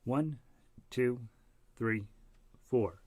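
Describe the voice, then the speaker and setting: A man's voice: medium pitch, very slow, darkish tone, no echo. A middle-aged man leading a casual harmonica group lesson, chatty and self-deprecating, short of breath. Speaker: harmonica ensemble leader.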